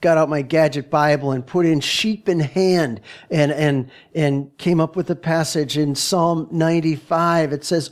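A male pastor giving a sermon in a church, halting and repeating words as he searches for his phrasing. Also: a little high, fairly even intonation. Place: church sanctuary.

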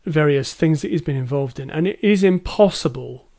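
Male podcast co-host, fairly high voice, hesitant but enthusiastic, casual talk. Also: normal speed, gravelly, warm tone. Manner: hesitant, many ums, enthusiastic. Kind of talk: casual film discussion.

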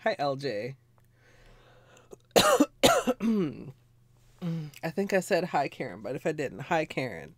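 A woman streaming nail art, chatting casually and ramblingly with viewers while a bit under the weather, clearing her throat now and then. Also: low-pitched, wildly swooping pitch, takes it slowly, pauses often, dry recording. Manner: rambling, chatty, greets viewers, frequent laughs and fillers. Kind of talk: casual livestream chat.

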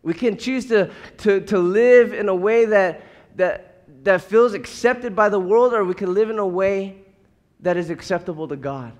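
A pastor in his thirties preaches with a high, bright-edged voice, earnest and pressing, often doubling words as he builds toward a point. The sound carries a long reverb tail, as in a large hall. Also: moderate pace, dull audio. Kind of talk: sermon.

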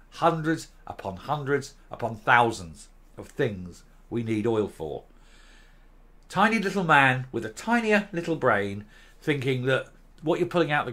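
A man's voice: medium pitch, bright, forceful tone. An older man hosting an opinion commentary show, scornful and sarcastic, firing off rhetorical questions. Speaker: host.

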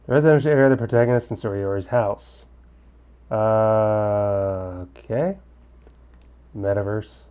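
A man's voice: fairly low pitch, unhurried, pauses often, mellow, clear, resonant tone. A man casually commenting on a game and reading its dialogue aloud, with joking asides. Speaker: let's-play gamer. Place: at home in Korea.

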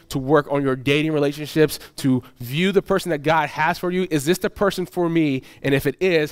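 A man's voice: a little high, clean tone. A male pastor preaching a conversational sermon, with frequent restarts and playful acted asides.

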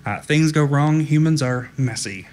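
A man giving a conference talk in a flat, direct, informal way, often saying "um". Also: on the high side, measured pace, slight background noise. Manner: direct, informal, frequent ums. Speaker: conference speaker. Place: conference room.

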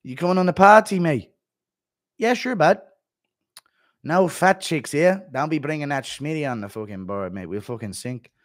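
A man's voice: on the high side, expressive, moderate pace, voice pushed up, lightly acted. A man putting on the voice of a brash, cocky fighter who calls everyone mate.

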